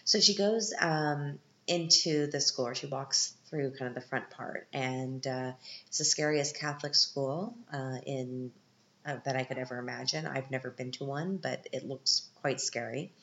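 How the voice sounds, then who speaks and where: A woman's voice: rumbling low, a little slow, fairly bright tone, slight background noise. A woman hosting a podcast, recapping a film in a casual, chatty way with joking asides. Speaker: podcast host. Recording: roomy, dull lo-fi sound.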